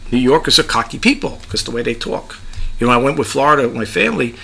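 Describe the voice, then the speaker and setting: A man's voice: mid-range voice, expressive, fast, gravelly, pushed and bright, slightly rough. A middle-aged man with a New York accent, giving chatty, rambling advice as a YouTube creator and often repeating himself. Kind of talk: casual advice monologue.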